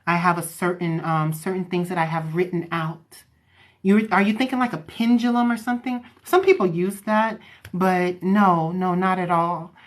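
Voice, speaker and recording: Chatty low-voiced woman hypnotherapist. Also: steady tone. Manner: chatty, loose, talks straight to viewers; slows down and softens her voice when demonstrating. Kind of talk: casual explanation to online viewers.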